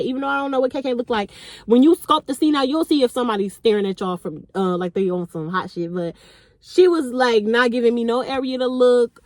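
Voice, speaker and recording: A young woman vlogger telling a party story in a casual, animated, blunt way, talking straight to her viewers. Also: fairly high pitch, no room sound. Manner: animated, slangy and blunt, addressing viewers as y'all.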